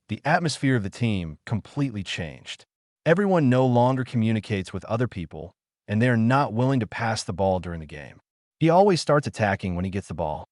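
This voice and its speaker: A man reading a translated web novel aloud as an audiobook narrator, keeping one voice through narration and dialogue with uneven pauses. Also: lowish voice, a little mellow, dry recording, clean studio sound.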